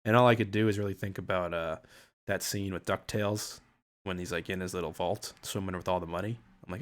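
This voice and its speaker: A man with a fairly low voice hosts a loose livestream chat. He rambles from point to point and swears casually. He restarts sentences often as he thinks out loud. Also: fairly even intonation, brisk. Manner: rambling, profane, with frequent restarts. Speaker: livestream host.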